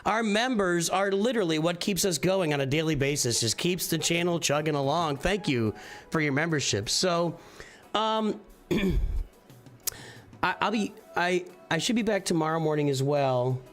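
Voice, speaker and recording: A man's voice: fairly high pitch, animated, normal speed, fairly bright tone, faint music behind. A middle-aged man hosting a casual morning live stream, rambling and often restarting his sentences as he thinks aloud. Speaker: streamer and channel host.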